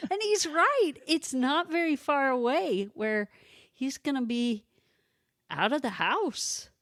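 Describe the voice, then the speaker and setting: A woman's voice: high-pitched, animated, takes it slowly, fairly bright tone, dry recording, clean studio sound. A woman co-hosting a podcast, telling a family story in casual chat with lots of fillers. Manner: chatty storyteller, many fillers. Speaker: podcast co-host.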